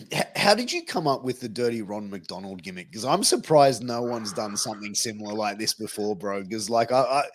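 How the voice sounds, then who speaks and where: A man's voice: fairly low pitch, lively intonation, moderate pace, few pauses, slight background noise. A man hosting a casual interview, swearing freely and calling his guest bro. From Australia. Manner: matey, swears casually, says bro and dude. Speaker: podcast host.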